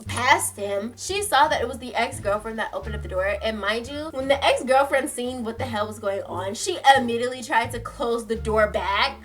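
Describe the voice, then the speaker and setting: Brief: animated woman storytime vlogger, high pitched, slangy and profane. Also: normal speed, few pauses. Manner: animated, slangy, swears freely. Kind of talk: casual storytime.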